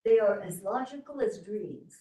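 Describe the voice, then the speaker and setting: A woman testifying as an expert witness under cross-examination, speaking haltingly and often trailing off mid-sentence. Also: mid-range voice, expressive, dark tone. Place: courtroom. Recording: echoey courtroom audio from far off.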